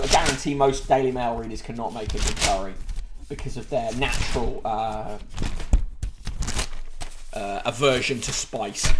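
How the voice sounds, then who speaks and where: A man's voice: on the high side, fairly bright tone, a little hiss or hum. Sardonic sweary man reviewing newspapers. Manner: sardonic, swears freely, halting with fillers. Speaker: podcast host reviewing newspapers. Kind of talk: casual newspaper review commentary.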